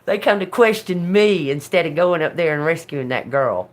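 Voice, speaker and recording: A woman hosting a tarot livestream, telling a story in a casual, animated way, swearing freely and laughing often. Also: on the low side, unhurried. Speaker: tarot reader livestream host.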